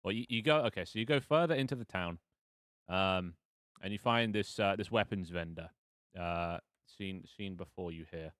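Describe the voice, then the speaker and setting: Deep-voiced man running a casual game stream. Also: moderate pace, fairly bright tone, dry recording, clean studio sound. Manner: rambling, self-mocking, with frequent fillers and swearing. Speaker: game master. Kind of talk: casual live-stream narration of a tabletop game.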